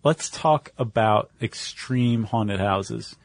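A man co-hosting a podcast in casual chat, relaxed with many filler words. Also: lowish voice, slow pace, vocal fry. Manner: relaxed, lots of filler words, acts out quotes. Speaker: podcast co-host.

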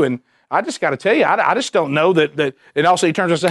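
Brief: male preacher, earnest and repetitive, slightly high voice, dry close sound. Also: lively intonation, quick pace, few pauses, no echo. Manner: earnest, repeats words, fires rhetorical questions. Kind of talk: sermon.

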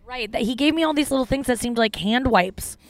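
A woman's voice: a little high, animated, brisk. A woman hosting a comedy podcast, telling rambling stories with lots of swearing and filler words. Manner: rambling storytelling with frequent profanity and fillers. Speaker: podcast host. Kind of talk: casual comedic podcast chat.

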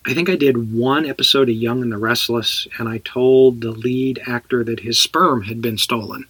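A man's voice: mid-range voice, fairly even intonation, normal speed, a bit bright, slightly rough, no room sound. A middle-aged man from Texas, an actor guest telling anecdotes in a casual podcast chat, laughing as he talks.

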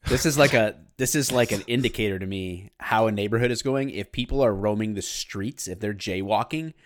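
A man's voice: lowish voice, brisk. A man who is a former police officer, co-hosting a podcast in casual chat and laughing often as he tells stories. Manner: laughs often, animated storytelling.

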